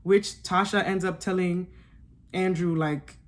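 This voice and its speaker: A woman's voice: on the low side, measured pace. Sassy young woman recapping reality TV. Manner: sassy, animated, laughing asides. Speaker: reality show reviewer. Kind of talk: casual recap commentary.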